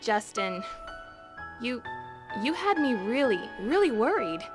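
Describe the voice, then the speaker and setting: A spirited young heroine in a video game, tearful and pleading. Her voice is high and unhurried. Loud game music plays underneath. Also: very animated. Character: spirited young woman adventurer, caring.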